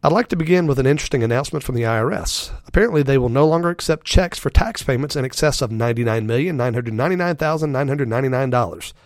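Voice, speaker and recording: A man hosts a finance podcast with a voice gone raspy from a respiratory illness. His pitch sits in the ordinary middle range, and he addresses listeners directly and with emphasis. The sound is dry and close, with no room echo. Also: animated, very fast, few pauses. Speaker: podcast host. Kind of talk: scripted finance podcast monologue.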